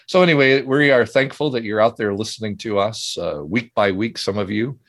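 A middle-aged man hosts a relaxed podcast conversation, leading it with a genial, chatty manner. His voice sits fairly low. He reads listener mail aloud between friendly asides. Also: fairly quick, dry recording. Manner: chatty, genial, often chuckling. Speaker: podcast host, seminary professor. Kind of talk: casual podcast chat.

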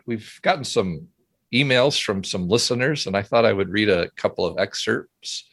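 Genial, low-voiced middle-aged podcast host. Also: male voice, fairly bright tone, no echo. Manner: chatty, genial, often chuckling. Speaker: podcast host, seminary professor. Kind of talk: casual podcast chat.

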